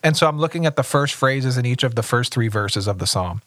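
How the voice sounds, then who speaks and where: A man, a pastor, reading scripture aloud in a measured, steady voice and discussing it on a podcast. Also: mid-range voice, no room sound.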